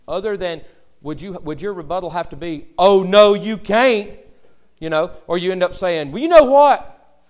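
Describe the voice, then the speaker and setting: A young adult man, a pastor preaching a sermon in a conversational way that rises into emphatic bursts. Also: mid-range voice.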